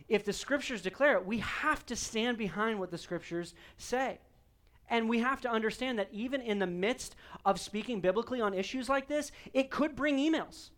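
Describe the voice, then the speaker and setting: A man with a notably high voice delivers a sermon from the pulpit. He speaks earnestly and with emphasis, hammering key lines by saying them again. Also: a little fast, a bit bright. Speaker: pastor.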